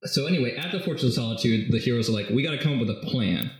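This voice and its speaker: A man's voice: mid-range voice, expressive, racing. A man casually recapping a movie script as a podcast host, rambling and jokey, full of fillers. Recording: very echoey room.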